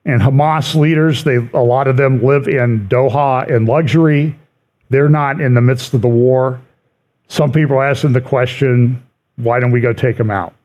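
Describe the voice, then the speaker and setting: A man's voice: medium pitch, steady tone, normal speed, darkish tone. A middle-aged man giving a conversational church prophecy update, reading quotations aloud and adding wry asides.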